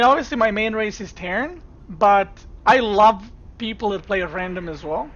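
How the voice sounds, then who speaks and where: A woman's voice: mid-range voice, a bit bright. A woman streamer giving casual esports commentary, chatting straight to her viewers from a home streaming setup. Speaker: streamer and caster.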